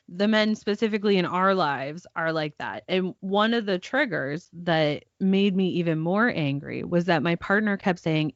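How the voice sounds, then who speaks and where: A woman's voice: fairly low pitch, animated, normal speed, hardly any pauses, no echo, dull audio. A young mother co-hosting a podcast, telling a family story casually and acting out her child's voice. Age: young adult. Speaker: podcast co-host. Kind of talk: casual chat.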